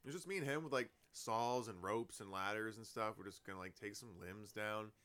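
A man's voice: fairly low pitch, a little fast, a bit bright. A young man, a comedian guest on a podcast, rambling in casual chat with lots of "like" and frequent laughter. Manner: rambling, full of "like", laughs often.

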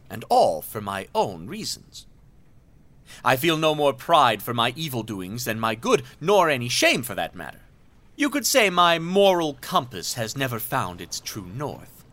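A man's voice: medium pitch, pushed and bright. An actor playing a pompous, self-serving male villain who talks in florid, mannered speech and laughs theatrically in an audio drama.

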